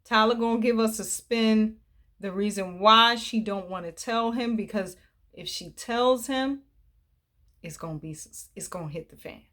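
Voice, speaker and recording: A woman's voice: fairly high pitch, unhurried. Chatty woman recapping a TV drama. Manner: chatty, animated, acts out the characters' lines. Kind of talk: casual chat.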